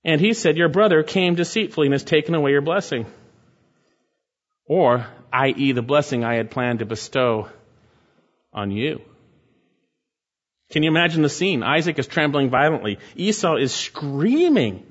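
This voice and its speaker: A man's voice: fairly high pitch, lively intonation, moderate pace, pauses often. Preaching man, lo-fi sound. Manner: preaching with rising emphatic exhortations and dramatic scripture reading. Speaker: pastor. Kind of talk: sermon.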